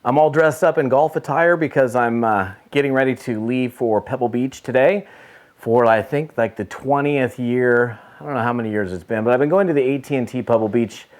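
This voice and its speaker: A man's voice: medium pitch, fairly quick. A middle-aged man, a network marketing trainer, telling a story to camera in a casual motivational talk and repeating points for emphasis.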